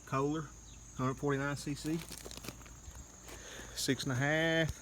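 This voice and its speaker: A man's voice: on the high side, steady tone, takes it slowly, fairly bright tone, slight background noise. A man talking to the camera outdoors on a hillside, plainspoken and a bit out of breath, repeating "okay?" to drive his points home. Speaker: lawn care business owner.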